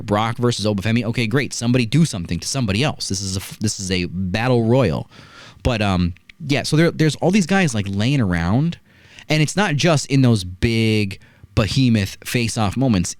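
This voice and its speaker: Animated man reviewing a wrestling match. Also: mid-range voice, normal speed, no echo. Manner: animated storytelling, rhetorical "right?" asides. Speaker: wrestling podcast host. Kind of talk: casual review chat.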